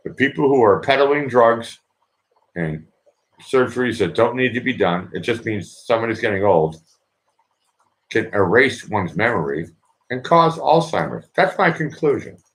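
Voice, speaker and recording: A man's voice: medium pitch, lively intonation, moderate pace, a bit bright. A man vlogging in a casual personal monologue, rambling earnestly and repeating his phrases.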